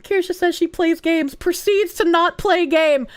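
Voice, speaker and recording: Very high-voiced giggly woman streamer. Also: a little slow, no room sound, clean studio sound. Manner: giggly, laughs often, blunt and crude. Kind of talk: casual live-stream chat, reading messages aloud.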